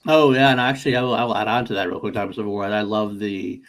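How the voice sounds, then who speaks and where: On a podcast, a man co-hosting talks movies at a quick clip in a fairly low voice whose intonation stays mostly even. His style is loose and enthusiastic, rambling with restarts and profanity.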